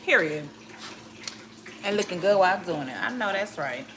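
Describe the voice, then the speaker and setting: A woman's voice: on the low side, normal speed, background noise. A woman from Miami with a Caribbean-American accent, chatting bluntly and profanely on a livestream while she cleans. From Miami, Florida. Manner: blunt, profane, animated storytelling. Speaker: livestream host.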